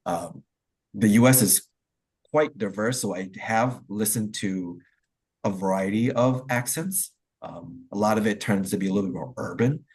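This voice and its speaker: A man talks in a casual online discussion, his voice low and a little husky. He explains things loosely and at length, circling back with plenty of "like" and "um" fillers, and sounds like he is on a video call. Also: a little mellow. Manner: rambling, explanatory, heavy use of "like" and "um". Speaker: discussion participant.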